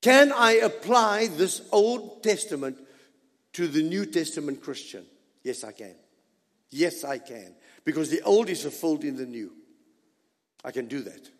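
A man's voice: on the high side, animated, measured pace, big-room sound. A man preaching a sermon as pastor, emphatic and dramatic, dropping suddenly to near whispers.

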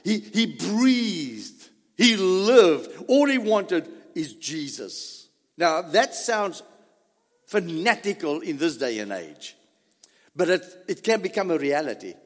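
Male pastor, sermon, emphatic preacher with dramatic pauses and an animated delivery. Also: sits high, long reverb tail.

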